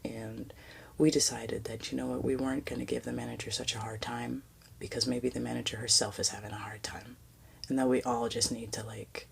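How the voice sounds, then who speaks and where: A woman hosting a spiritual podcast, telling a personal story in a soft, halting way that often sinks to a near-whisper, with many fillers and restarts. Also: extremely low pitch, vocal fry, slightly rough. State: tearful, emotional. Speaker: podcast host.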